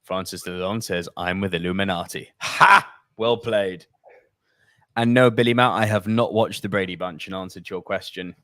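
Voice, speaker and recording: A man's voice: on the low side, moderate pace, fairly bright tone, dry recording, clean studio sound. A man co-hosting a podcast, reading out viewer comments and giving blunt opinions that include swearing. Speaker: podcast co-host reading live chat. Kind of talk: casual podcast chat.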